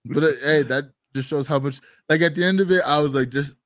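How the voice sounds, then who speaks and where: A man's voice: fairly high pitch, a little fast, fairly bright tone, no echo, clean studio sound. A man co-hosting a live stream, telling stories in casual chat with lots of fillers. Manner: rambling, filler-heavy storytelling. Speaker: co-host.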